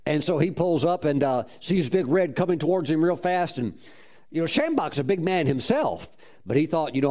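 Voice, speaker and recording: A man preacher telling a story in a sermon, in an animated style with laughs and whoops between its beats. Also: a little high, normal speed.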